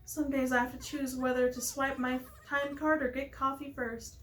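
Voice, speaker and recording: A woman's voice: high-pitched, little pitch movement, normal speed, lightly acted. A woman voicing a shy, lovesick young female pelican with a put-on accent, nervous and dreamy.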